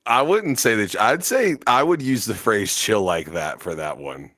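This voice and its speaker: With a fairly low, slightly bright voice, this podcast co-host sounds animated while speaking a little slowly. He rambles, teases, and laughs often in casual conversation. His home webcam recording comes across as dry, clean studio sound.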